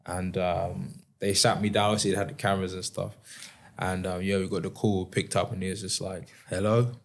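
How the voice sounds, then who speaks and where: A young man from England, telling stories in a relaxed interview with many fillers. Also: low-pitched, brisk, creaky. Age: 20s. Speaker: guest, former rugby player. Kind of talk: casual interview chat.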